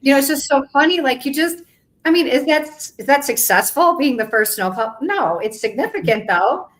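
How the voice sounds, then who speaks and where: A woman's voice: high voice, animated, moderate pace, a bit bright. A woman hosting a podcast, chatting casually with many fillers. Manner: chatty, lots of fillers like "like" and "you know". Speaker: podcast host. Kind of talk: casual interview chat.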